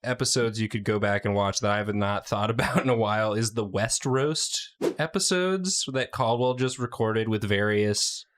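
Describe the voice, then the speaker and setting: A man's voice: lowish voice, moderate pace, few pauses, a bit bright. A young man, a regular on the show, cracking jokes and rambling while drawing with friends in a small apartment. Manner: jokey, rambling, self-amused. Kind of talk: casual banter while drawing.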